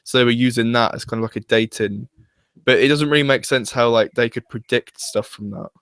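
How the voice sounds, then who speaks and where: A man's voice: medium pitch, steady tone, brisk, a bit bright, clear, resonant tone, no room sound. Chatty young man, dry sound. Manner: hesitant, restarts often, uses "like" a lot. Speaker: fan reviewer. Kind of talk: casual chat.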